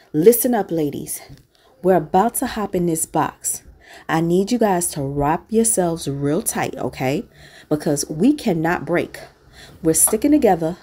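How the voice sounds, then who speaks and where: A woman's voice: on the low side, darkish tone, breathy edge. A woman voicing sassy female wine glasses who banter in slang as they get ready to travel. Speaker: glass artist.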